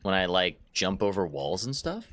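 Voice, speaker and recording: Lively, low-voiced gaming commentator man. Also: normal speed. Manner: chatty, laughs often, repeats words. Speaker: gaming YouTuber. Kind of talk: casual let's-play commentary.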